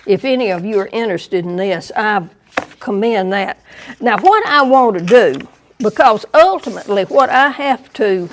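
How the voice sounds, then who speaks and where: A woman with a Southern US accent giving a museum lecture, deliberate and dry, with wry asides to the audience. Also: mid-range voice. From American South. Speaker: guest lecturer.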